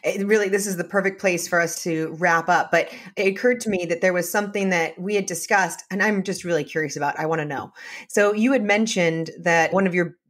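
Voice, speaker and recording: A woman hosting an interview podcast, asking questions with warm curiosity. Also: lowish voice, fairly even intonation, fairly quick. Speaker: podcast host. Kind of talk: interview conversation.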